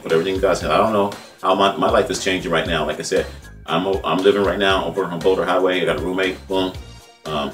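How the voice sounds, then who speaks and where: Deep-voiced fast-talking man in his fifties. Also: fairly bright tone. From California. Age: 50s. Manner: conversational, repetitive, heartfelt, says "man" often. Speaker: independent journalist and vlog host. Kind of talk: casual rambling commentary. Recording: distant mic with faint music behind.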